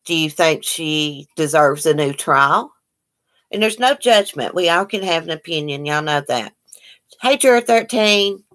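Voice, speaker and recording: Low-voiced woman chatting on a livestream. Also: lively intonation, a little slow, fairly bright tone. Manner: chatty, reads out viewer comments and greets them. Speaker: livestream host. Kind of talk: casual livestream chat.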